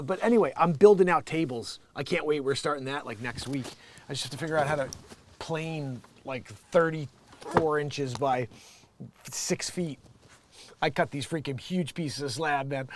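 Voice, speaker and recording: Rambling sarcastic man, higher voice. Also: moderate pace, slight background noise. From United States. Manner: sarcastic, rambling, laughs often, mocks with put-on voices. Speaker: show host. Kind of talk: casual ranting commentary.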